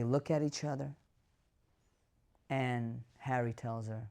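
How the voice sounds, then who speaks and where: A man's voice: mid-range voice, steady tone, unhurried, long pauses, dark tone. A man, a physician, telling an emotional story straight to camera in an earnest way, often asking the viewers questions. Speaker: dementia care physician.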